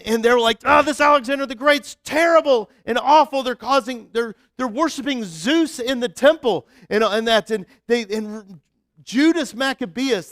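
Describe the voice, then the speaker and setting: A man preaching a relaxed, conversational sermon with a fairly high voice. He talks in a chatty way, full of "like" and quick restarts. The sound is close and dry. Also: no echo. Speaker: pastor.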